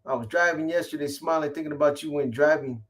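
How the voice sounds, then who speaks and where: Brief: middle-aged male live-stream host, slightly high voice, profane street slang, rambling shout-outs. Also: quick pace. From California. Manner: rambling, shouting out viewers by name. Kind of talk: casual live-stream chat.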